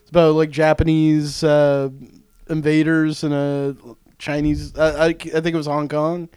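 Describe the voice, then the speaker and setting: A man's voice: a little high, flat delivery, a little slow, darkish tone, clean tone, no room sound, studio quality. A man co-hosting a casual comedy podcast who rambles loosely and swears casually. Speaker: podcast co-host.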